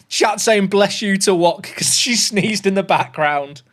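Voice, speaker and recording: A man chatting casually on a gaming livestream, excitable and rambling. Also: sits high, slow.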